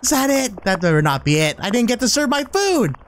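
A man playing a horror game on a headset mic, excitable, laughing often and swearing at the game. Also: very high voice, a little fast, a little hiss or hum. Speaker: gaming YouTuber. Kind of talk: let's-play commentary.

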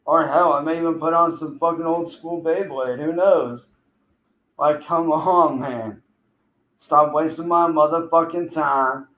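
A man's voice: fairly high pitch, steady tone, measured pace, fairly bright tone, roomy sound, poor audio. A man streaming live, taunting and cursing at a rival who keeps failing to show up. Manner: taunting, profane, calling out a rival. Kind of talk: livestream trash talk.

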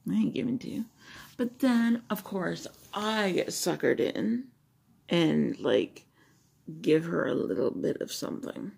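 Slow, gravelly woman vlogger rambling. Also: lowish voice, very animated, darkish tone. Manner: rambling, chatty, many fillers. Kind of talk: casual chat to a phone camera. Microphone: phone camera.

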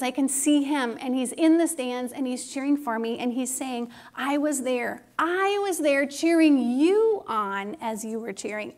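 Earnest high-voiced woman preaching. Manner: earnest, intimate, encouraging, drops to a hushed whisper when quoting God. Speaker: speaker at a church service. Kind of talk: personal testimony sermon.

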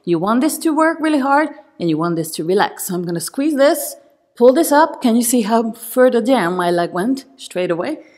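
A woman's voice: fairly high pitch, lively intonation, normal speed, few pauses, darkish tone. A woman pilates instructor coaching a workout, encouraging and counting reps as she demonstrates, a little out of breath.

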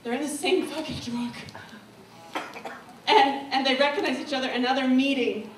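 A woman's voice: sits high, fairly even intonation, normal speed. A woman giving a candid, emotional talk on a comedy club stage, swearing freely and swinging between solemn and giddy. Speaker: guest speaker. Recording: echoey room, distant mic, faint noise.

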